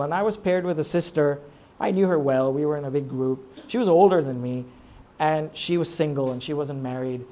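A male pastor with a high-pitched voice delivers a sermon in a conversational way. He leans on rhetorical questions and moves between quiet reflection and emphatic urging.

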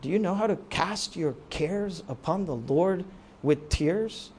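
A man preaching a sermon, rising to near-shouts and falling low, often asking the congregation rhetorical questions. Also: animated, measured pace, a little hiss or hum. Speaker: pastor.

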